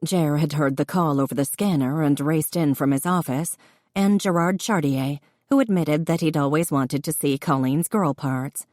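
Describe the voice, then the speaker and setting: A woman narrating a novel audiobook in measured storytelling. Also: low voice, a little mellow, dry recording, clean studio sound. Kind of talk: scripted narration.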